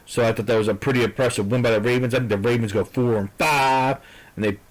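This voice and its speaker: A man's voice: medium pitch, steady tone, fast, poor audio. A man giving casual football predictions in a rambling, hesitant way, full of fillers and restarts, and blunt and profane at times. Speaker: vlogger giving football picks.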